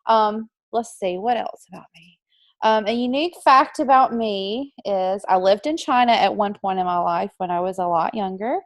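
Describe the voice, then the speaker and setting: A woman's voice: mid-range voice, moderate pace, dry recording. A woman in her thirties with a Southern Alabama accent, chatting casually with frequent ums as she introduces herself to a class over a video call. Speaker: online student introducing herself.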